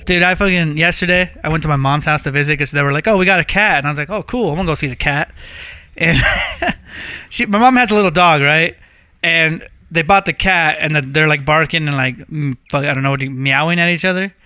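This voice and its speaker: Bright, crisp-voiced man telling stories. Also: a little high, fairly quick, no echo, clean studio sound. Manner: animated storyteller, swears freely. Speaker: podcast co-host. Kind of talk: casual podcast chat.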